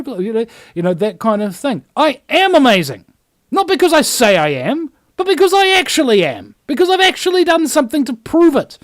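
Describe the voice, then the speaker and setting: A New man hosting his own show, ranting emphatically and with scorn. His voice sits high for a man and swings widely in pitch as he drives each point home. The sound is close and dry, with no room around it. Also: big pitch swings, a little fast, no room sound. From New Zealand. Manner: emphatic and scornful, acts out other people's voices. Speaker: host. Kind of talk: ranting monologue.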